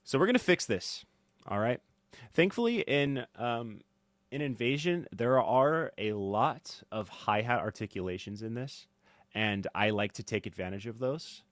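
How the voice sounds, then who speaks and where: A man teaching drum mixing in a casual tutorial, thinking aloud with fillers and swinging in loudness. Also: medium pitch, lively intonation, a little slow, no room sound. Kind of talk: casual screen-recorded tutorial. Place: home studio. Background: faint music from drum playback.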